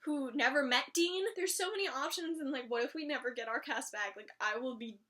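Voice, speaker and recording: A woman's voice: high-pitched, brisk, a bit bright. A young woman casually recapping a TV episode, gushing and emotional as she retells scenes and acts out the characters' lines. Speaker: show recap vlogger.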